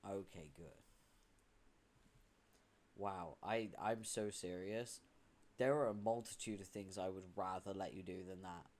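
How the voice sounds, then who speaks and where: A man's voice: low-pitched, measured pace, pauses often. A British man streaming, chatting casually with dry, sarcastic asides. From Britain.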